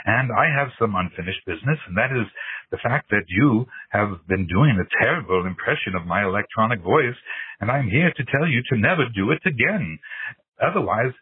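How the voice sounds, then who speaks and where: A man's voice: fairly low pitch, animated, moderate pace, slightly rough, no room sound, narrow, tinny audio. A male caller acting as the ghost of a famous late physicist, delivering mock-solemn threats over a phone voicemail. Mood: threatening. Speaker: podcast caller.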